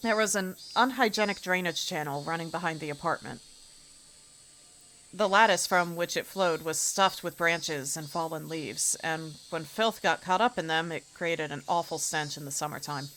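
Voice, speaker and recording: A woman streamer reading a visual novel aloud, keeping the narration even and breaking into casual, expressive asides. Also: low voice, normal speed, a little hiss or hum.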